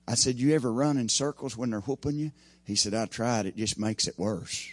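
A man's voice: mid-range voice, a little fast, no echo. Folksy preacher man, dry sound. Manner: folksy, swings from loud to hushed. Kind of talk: sermon.

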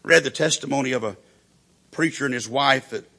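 Gravelly, bright-toned preacher. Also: male voice, mid-range voice, brisk. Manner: storytelling preacher who acts out quoted voices. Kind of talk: sermon.

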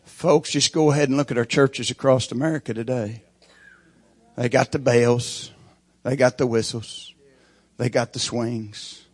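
A middle-aged preacher giving a sermon with folksy, emphatic storytelling. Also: male voice, mid-range voice, fairly even intonation, a little slow, a little mellow, breathy edge, dry recording.

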